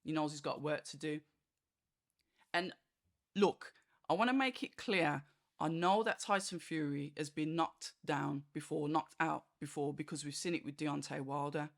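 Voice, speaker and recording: A boxing channel host rambles chattily through a fight review, packing in "like" and "you know" and acting out quoted reactions. The voice is mid-range and creaky, at a normal speed.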